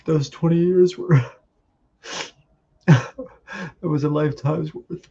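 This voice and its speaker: Man, grieving husband, warm mellow rasp, halting and tearful, lo-fi call sound. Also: fairly high pitch, steady tone. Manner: halting, tearful, laughs through grief. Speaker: grieving husband sharing memories. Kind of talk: emotional memorial tribute. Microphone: video call.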